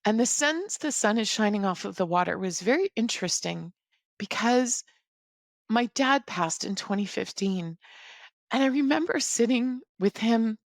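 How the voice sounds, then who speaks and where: A middle-aged woman telling a personal story as a podcast guest, in an earnest, halting, reflective way. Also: a little high, animated, gravelly, no echo, studio quality.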